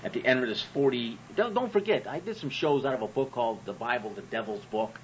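A man's voice: mid-range voice, expressive, fairly quick, dull audio, a little hiss or hum. A man hosting a comedic monologue on religion, sarcastic and profane, who keeps asking rhetorical questions. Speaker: host.

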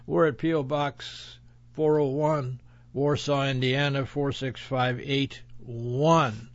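A man's voice: mid-range voice, little pitch movement, extremely slow, dry recording. A man hosting a radio show in a rambling, folksy monologue, chuckling often and boasting. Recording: dull lo-fi audio.

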